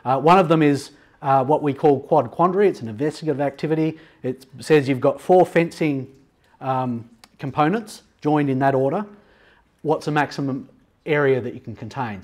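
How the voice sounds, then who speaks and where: A man giving a live software demo talk at a teachers' conference, talking conversationally with frequent ums and frank asides. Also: fairly high pitch, normal speed. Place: conference session room.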